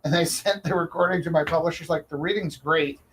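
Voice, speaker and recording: A man's voice: a little high, brisk, fairly bright tone, slight background noise, rough recording. A man hosting a live stream who tells a story casually, with many restarts and fillers. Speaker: host and auctioneer.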